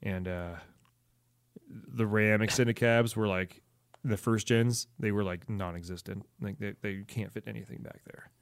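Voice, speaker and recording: A man's voice: fairly low pitch, fairly even intonation, unhurried, dry recording, studio quality. A man co-hosting a casual chat, laid-back and rambling, often trailing off. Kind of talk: casual chat about trucks.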